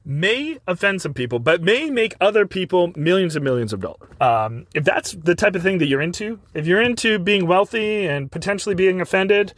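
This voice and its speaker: A man's voice: sits high, expressive, fairly quick, hardly any pauses, fairly bright tone. A man hosting his own podcast, talking emphatically and loosely with fillers in a casual solo monologue. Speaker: podcast host.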